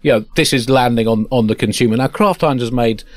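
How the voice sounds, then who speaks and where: A man's voice: medium pitch, fast talker, no echo, studio quality. A man hosting a satirical comedy podcast, wry and mock-pompous. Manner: wry, pun-heavy, mock-pompous delivery.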